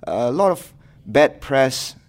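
A man's voice: medium pitch, animated, slow pace. A man who works as a sports correspondent, chatting casually on a podcast in an easygoing, joking manner.

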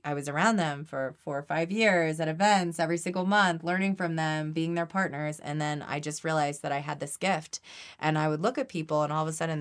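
A woman guest on a podcast, talking earnestly and animatedly about energy healing, often restarting her sentences. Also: low voice. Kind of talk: conversational interview.

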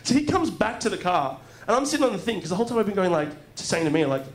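A man's voice: high-pitched, racing, few pauses. A man from Australia co-hosting a live comedy podcast, telling a story and acting out the lines of the people in it. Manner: animated storyteller, acts out quotes. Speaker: podcast co-host. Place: live venue with audience.

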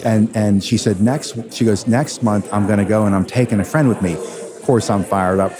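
A man who hosts a radio show, telling stories in an interview with animated, emphatic delivery. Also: lowish voice, normal speed. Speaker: radio host and attorney, guest. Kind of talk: conversational storytelling interview. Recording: crowd chatter behind.

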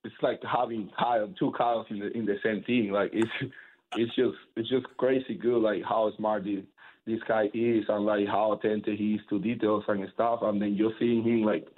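A man, a baseball pitcher whose first language is Spanish, talking in a casual interview with energetic, rambling speech full of fillers and restarts. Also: moderate pace. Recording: tinny phone-like line.

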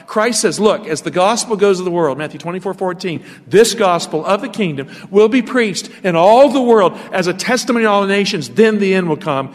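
A man's voice: sits high, lively intonation, fairly quick, hardly any pauses, long reverb tail. A male pastor preaching a sermon, asking his listeners rhetorical questions as he teaches from scripture.

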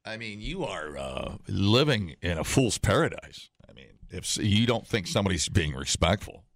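A hoarse man hosting a casual talk show, joking and reading an article aloud, often slipping into mock voices. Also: deep voice, big pitch swings, moderate pace, no room sound. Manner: jokey, slips into mock voices and impressions. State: hoarse, losing his voice.

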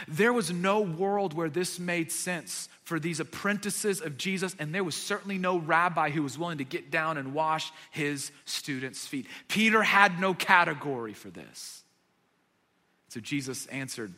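Bright-voiced preacher in a reverberant hall. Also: male voice, sits high, moderate pace. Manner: dramatic storytelling, voice swelling and dropping to near whispers. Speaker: pastor. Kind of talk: sermon.

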